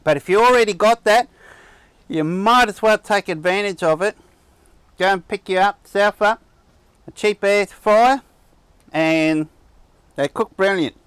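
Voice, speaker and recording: A man talks casually to camera at an outdoor campsite. His voice is smooth and clear, a touch higher than most men's, and sounds dry with no echo. He rambles and restarts his sentences like a friendly host. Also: unhurried, pauses often, a bit bright. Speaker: camping channel host. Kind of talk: casual vlog chat. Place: outdoor campsite on a cattle property.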